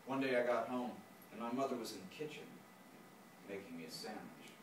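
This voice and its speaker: A man telling a personal story live, animated and given to imitating animal and singing sounds. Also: fairly low pitch, brisk. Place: lecture room. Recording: echoey room, distant mic, background noise.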